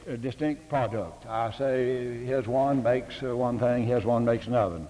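An older man with a drawl preaches in a folksy, joking way, pausing on fillers and posing rhetorical questions. His voice sits in an ordinary middle register. A long reverb trails each phrase around a large hall. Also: mid-range voice, dark tone. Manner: homespun, humorous, with hesitant fillers and rhetorical questions. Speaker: guest preacher addressing a seminary faculty. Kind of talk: folksy sermon-style address.

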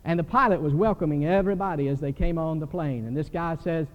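An older man preaching a sermon in a church, animated and telling stories. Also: on the high side, quick pace, hardly any pauses. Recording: dull recording with long hall reverb.

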